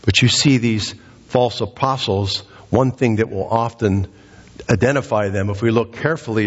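A male pastor preaching a sermon, emphatic and repetitive, swinging his pitch up and down and short of breath. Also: moderate pace, slightly rough, in a large hall, muffled recording. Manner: emphatic, repeats phrases, dramatic pitch swings. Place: church sanctuary.

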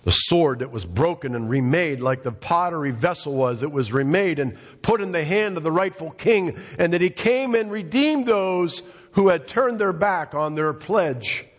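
A pastor preaching a sermon, emphatic and repetitive, calling out members of the congregation by name. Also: male voice, on the high side, animated, moderate pace, breathy edge, big-room sound, dull audio. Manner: emphatic, repeats phrases, addresses congregation by name.

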